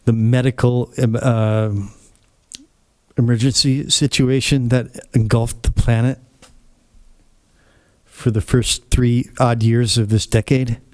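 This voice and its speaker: A man's voice: medium pitch, little pitch movement, takes it slowly, long pauses, darkish tone, dry recording, studio quality. A man hosting his own channel, telling a casual story in a rambling, blunt and opinionated way. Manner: rambling, acts out quoted dialogue. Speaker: channel host.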